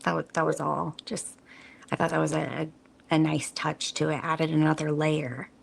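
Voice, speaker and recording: A woman's voice: deep voice, flat delivery, moderate pace, creaky. A foul-mouthed woman co-hosting a podcast, chatting enthusiastically about a film. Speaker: podcast co-host. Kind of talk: casual movie review chat.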